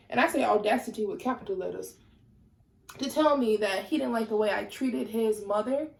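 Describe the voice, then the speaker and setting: A woman's voice: on the high side, a little mellow. Sassy woman vlogging in an echoey room. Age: young adult. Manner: sassy, candid, gets heated. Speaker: lifestyle vlogger. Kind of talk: casual chat while doing makeup.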